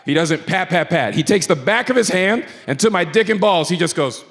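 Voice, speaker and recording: A man telling a stand-up story on a club stage, moving from low mutters to shouted punchlines. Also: lively intonation, fairly quick. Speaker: stand-up comedian. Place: comedy club stage before a live audience. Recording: live club recording, long reverb, crowd noise. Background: audience laughter.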